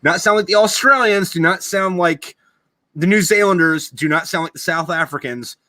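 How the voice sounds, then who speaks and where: A man hosting a podcast in casual chat, excitable and rambling, swearing freely. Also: high-pitched, normal speed, dry recording. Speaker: podcast host.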